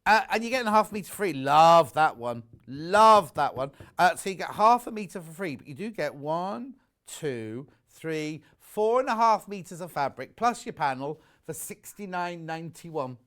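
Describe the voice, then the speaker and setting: A man's voice: fairly high pitch, animated, measured pace, fairly bright tone. A middle-aged man from the UK presenting fabric bundles on a live shopping channel, chatting in a rambling way full of jokey asides. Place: warm studio with the shutter doors open.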